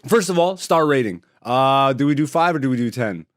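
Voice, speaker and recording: A man hosting a casual podcast, bantering loudly with crude, profane jokes and big outbursts of laughter. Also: mid-range voice, expressive, a little fast, no room sound, studio quality. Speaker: podcast host.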